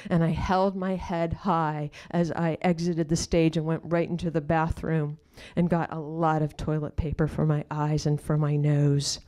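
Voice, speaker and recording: A woman with a low voice tells a personal story on a live storytelling stage. She often sinks into hushed, near-whispered asides, then slows right down to deliver quoted questions. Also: level tone. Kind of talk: personal storytelling before an audience.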